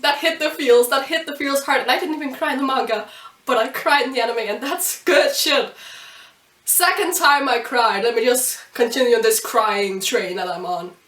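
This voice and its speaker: Bright, excitable young woman gushing. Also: high voice, moderate pace. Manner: gushing, excitable fangirling with laughs and exclamations. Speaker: anime reviewer. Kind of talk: casual video review. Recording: roomy sound from a distance off the mic.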